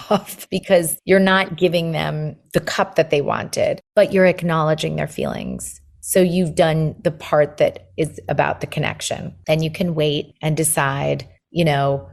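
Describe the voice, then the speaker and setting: A woman with a low voice talks as a guest on an interview podcast. She explains her method step by step and slips into the voice of a parent's inner thoughts as she goes. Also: normal speed, vocal fry, hardly any pauses. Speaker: guest, parenting book author.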